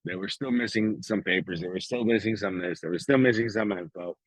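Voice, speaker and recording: A man's voice: lowish voice, brisk, no room sound, poor audio. A middle-aged man co-hosting a podcast, talking bluntly in casual chat, swearing often and acting out the lines of others. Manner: blunt, heavy swearing, acts out quoted dialogue. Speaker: podcast co-host.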